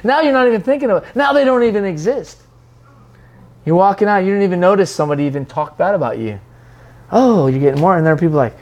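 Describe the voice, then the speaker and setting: A preacher giving a sermon in an animated, rambling way, acting out quoted voices with frequent restarts. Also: mid-range voice.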